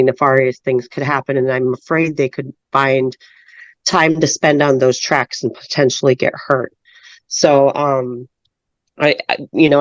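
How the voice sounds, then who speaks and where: A woman speaks in a muffled voice, delivering steady, earnest public comment at a town board hearing. The audio is dull and lo-fi, with a dry sound and no room echo. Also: extremely low pitch. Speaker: resident giving public comment.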